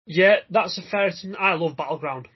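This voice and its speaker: A man's voice: sits high, normal speed, breathy edge, muffled recording. A man hosting a racing podcast, reading out runners and odds in a jokey way. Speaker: podcast host. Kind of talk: casual racing podcast chat.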